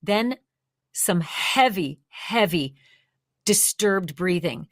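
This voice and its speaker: A woman's voice: lowish voice, expressive, drawn-out words, dry recording, clean studio sound. A woman hosting a true crime show, talking through the evidence step by step in a conversational way. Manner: acts out quoted lines with more energy. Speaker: true crime channel host.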